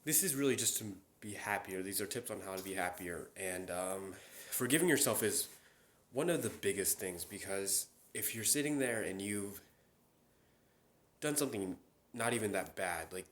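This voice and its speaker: A man's voice: on the low side, lively intonation, normal speed, fairly bright tone. A young man hosting a casual solo chat. He rambles, with many fillers and restarts. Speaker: podcast host. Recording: roomy echo.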